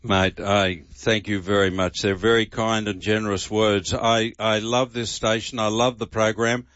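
An older man chatting on talkback radio, halting and full of "uh"s. The sound is dry and slightly dull, like studio broadcast audio. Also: on the low side, flat delivery, a bit bright, dry recording. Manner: halting, many fillers and restarts. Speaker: radio gardening show host. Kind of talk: casual talkback radio chat.

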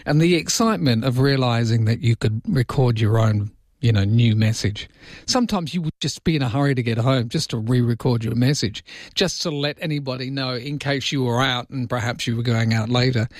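A man's voice: mid-range voice, moderate pace, no echo, clean studio sound. An Australian man hosting a morning radio show, chatting casually and joking between news items. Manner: chatty, joking, dips into mock voices.

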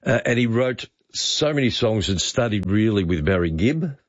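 A man's voice: on the low side, lively intonation, moderate pace, dry recording, highs cut off. An Australian man hosting talkback radio from a studio, reminiscing with a lot of hesitant fillers. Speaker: radio host.

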